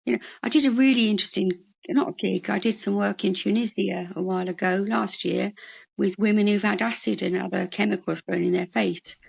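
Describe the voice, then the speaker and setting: A woman, a comedian and mental health worker, telling lively anecdotes in an interview. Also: mid-range voice, fairly quick, creaky, slightly rough, highs cut off. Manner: animated anecdotal storyteller. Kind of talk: storytelling interview chat.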